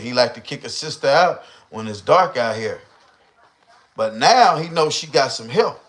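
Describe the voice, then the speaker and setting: A man hosting a livestream, ranting casually in heavy slang and profanity and acting out the people he talks about. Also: mid-range voice. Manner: profane, slangy, animated storyteller who acts out voices. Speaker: livestream host.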